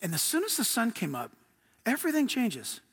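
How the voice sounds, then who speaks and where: A man delivers a pastor's sermon in a fairly high register. His tone is bright and forward, and he tells stories in a lively way with frequent laughter. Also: brisk, slightly rough. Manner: lively storytelling, laughs often.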